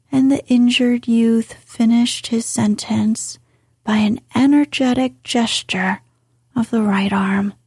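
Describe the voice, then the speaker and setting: Breathy whispering woman reading a story. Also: fairly high pitch, fairly even intonation, no echo, clean studio sound. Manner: soft, slow, breathy narration. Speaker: audiobook reader. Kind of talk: whispered role-play.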